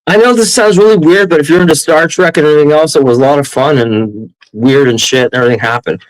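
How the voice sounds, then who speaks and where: A Canadian man telling a wild story as an interview guest, rambling and excitable, often breaking into laughs. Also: a little high, quick pace, poor audio.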